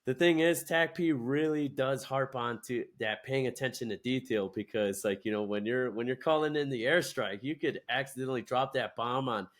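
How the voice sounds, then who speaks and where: A man's voice: mid-range voice, moderate pace, few pauses, a bit bright. Hesitant young man telling his story. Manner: hesitant, many restarts and fillers. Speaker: guest. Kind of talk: casual chat.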